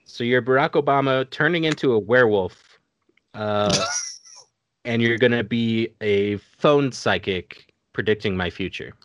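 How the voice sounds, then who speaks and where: A man hosting a casual podcast, running a party game with a relaxed, chuckling manner. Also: mid-range voice, unhurried, no room sound, lo-fi sound. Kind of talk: casual chat.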